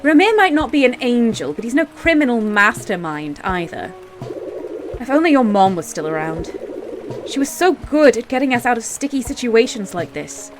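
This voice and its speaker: Give me a woman voicing an exasperated game companion, slightly high voice. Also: lively intonation, normal speed, over music, close to an everyday voice. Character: indignant female caravan companion.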